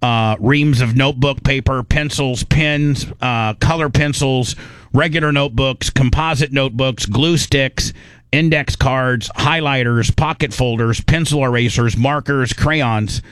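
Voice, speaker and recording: A male radio host rambling through casual banter, loose and full of fillers. His voice sits at a middle pitch, and the studio sound is dry and close. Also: a little slow, a bit bright, clear, resonant tone, no room sound.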